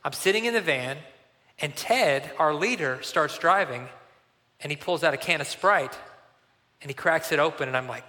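A man in his forties preaching a sermon in a church, telling a personal story in an animated, conversational way. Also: fairly high pitch, moderate pace, pauses often, big-room sound. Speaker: pastor.

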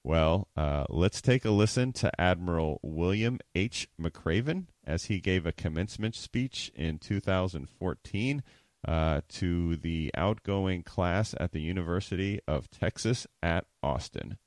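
Deep voiced guy hosting his podcast, chatty and upbeat, dry close sound. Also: lively intonation, measured pace, a little mellow, no echo. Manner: chatty and upbeat, laughs easily. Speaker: podcast host. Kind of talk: casual podcast monologue.

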